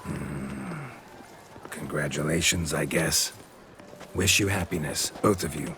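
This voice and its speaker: An actor playing a terse, dry-voiced monster hunter in a video game, speaking in short grudging phrases. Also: male voice, extremely low pitch, slow pace, noisy background, exaggerated voice. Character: gruff male witcher, terse monster hunter.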